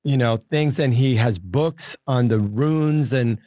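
A man's voice: medium pitch, slow pace, mellow, no room sound, muffled recording. A man in his seventies chatting as a guest, laughing easily and restarting his sentences. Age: 70s. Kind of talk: casual chat.

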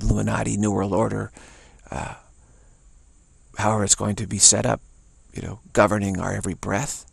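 Gravelly, husky-voiced American man. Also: lowish voice, dry recording. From United States. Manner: repetitive, emphatic, many restarts. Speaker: speaker sharing personal views. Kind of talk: rambling spoken monologue.

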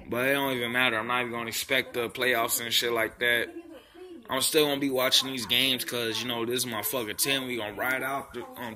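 Heated, profane Philly sports fan. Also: male voice, mid-range voice, sharp tone. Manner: profane and heated, repeats himself. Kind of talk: angry fan rant.

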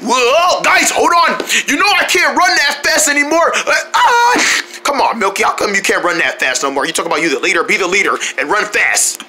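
A performer voicing a family in a homemade comedy skit, excitable and shouty. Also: medium pitch, moderate pace, a little hiss or hum.

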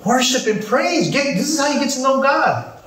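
A man preaching as a pastor, joking and calling out to his congregation in a lively sermon. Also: extremely high pitch, moderate pace, echoey room, distant mic, crowd noise, poor audio. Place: church.

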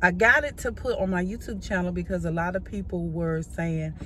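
A woman chatting excitedly in a casual vlog, saying "y'all" a lot. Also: lowish voice, brisk. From Georgia, US. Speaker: vlogger. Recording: noisy background.

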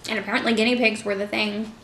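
A woman's voice: medium pitch, level tone, quick pace, pushed and bright, echoey room, slight background noise. A young woman chatting casually to her viewers in a mukbang vlog, full of fillers like "like" and "you know". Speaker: vlogger. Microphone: camera mic.

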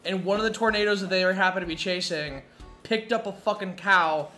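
A man casually chats while live streaming a game, telling animated stories laced with swearing and laughter. His voice sits high and moves fairly quickly, with faint music behind him and a roomy echo.

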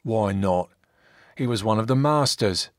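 Man doing a brutal rebel chief, slow, deadpan, low voice, dry recording. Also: no echo. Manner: slow, deadpan, matter-of-fact cruelty. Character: brutal former slave chief, cheerfully savage.

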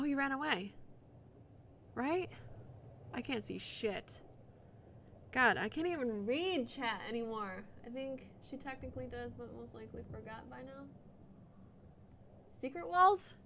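A woman's voice: high voice, normal speed, vocal fry, pauses often, bright, forceful tone, slight background noise. A woman streaming live gameplay commentary, muttering and swearing in frustration at the game as she plays.

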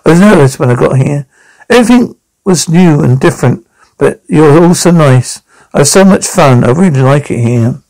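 A man voicing a friendly young zombie girl who is new and shy, in a gentle, earnest read for a cartoon. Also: a little high, lively intonation, normal speed, poor audio.

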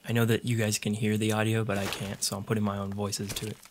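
A man's voice: fairly low pitch, monotone, fast. A man talks his way through a video game in a loose, sarcastic ramble, tossing off jokes. His mouth clicks are audible throughout, and a faint background hum sits under his voice. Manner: joking, sarcastic running remarks. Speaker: gaming video creator. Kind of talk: casual game commentary.

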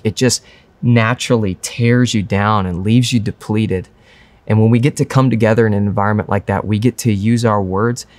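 A man's voice: fairly low pitch, darkish tone, no room sound. A young man preaching a sermon as pastor, earnest and conversational.

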